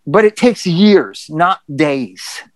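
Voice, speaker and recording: Middle-aged podcast guest, casual storytelling, profane, animated, dry close sound. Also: medium pitch, takes it slowly, no room sound. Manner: candid and profane, animated retelling.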